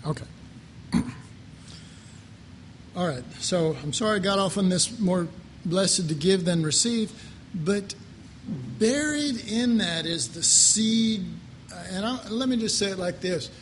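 A man's voice: high-pitched, animated, slow, long pauses, slight background noise. A man preaching an informal sermon to a live congregation, conversational and joking, full of rhetorical questions.

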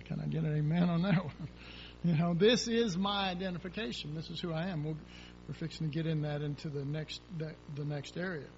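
A man's voice: high-pitched, expressive, normal speed. A man preaching a sermon in a folksy, rambling way, acting out prayers and asking the congregation questions. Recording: dull lo-fi sound with faint hum.

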